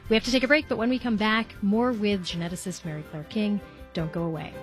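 A woman hosting a science radio show, asking questions in a calm, measured way. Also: mid-range voice, soft background music. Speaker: radio host. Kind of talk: public radio interviewing.

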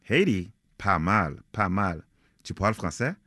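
A man's voice: deep voice, sing-song, measured pace, bright, forceful tone, dry recording, studio quality, exaggerated voice. Man putting on a slangy swaggering young jazzman. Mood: teasing. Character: cocky young male jazz trumpeter, breezy and teasing.

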